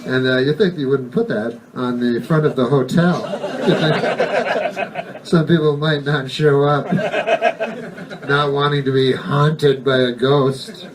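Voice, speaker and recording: A male stand-up comedian telling a rambling, deadpan bit full of swearing and digressions. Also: medium pitch, takes it slowly, distant mic, crowd noise.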